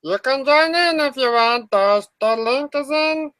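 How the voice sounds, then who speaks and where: A woman's voice: expressive, measured pace, fairly bright tone, clear, resonant tone, no room sound. A woman joking around on a casual livestream in a silly, playful way. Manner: silly, playful, drops into a low put-on voice.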